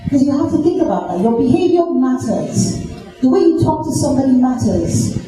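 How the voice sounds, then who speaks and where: Brief: woman workshop leader, warm mellow tone, big reverberant hall, lively and questioning. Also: high-pitched, a little fast. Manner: lively, asks the audience questions. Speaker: workshop facilitator. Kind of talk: interactive seminar talk. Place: large echoing hall. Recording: very echoey hall, faint music.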